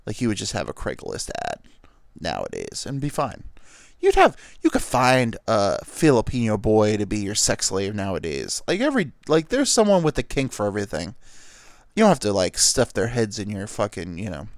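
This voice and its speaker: A man's voice: lowish voice, huge pitch swings, moderate pace, creaky, no echo, clean studio sound. A man hosting a comedy podcast, riffing in a rambling, profane monologue full of filler words.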